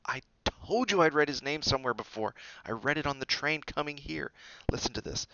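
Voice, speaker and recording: A man voicing an earnest young schoolboy hero, often hushed, in a storybook reading. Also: mid-range voice, vocal fry, highs cut off, a little hiss or hum, pitched above the performer's own voice.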